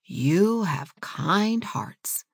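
A feeble, kindly old woman from a fairy tale, voiced by a woman. She speaks slowly and weakly in a low, soft voice that sometimes thins to a whisper. The sound is close and dry. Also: lively intonation, vocal fry, breathy edge, no room sound, heavily acted. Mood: gentle, frail. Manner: slow, weak and soft, sometimes half-whispered.

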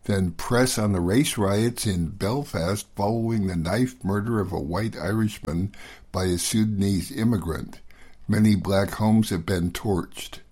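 A male radio host with a low, husky voice reads his script in a measured, steady way. He introduces news segments and gives listening details like a seasoned presenter.

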